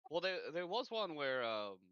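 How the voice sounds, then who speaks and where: A young man co-hosting a podcast in casual chat, an animated storyteller who acts out what others say. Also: a little high, moderate pace, smooth, no room sound. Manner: animated storyteller acting out quotes. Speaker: podcast co-host. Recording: dull lo-fi mic.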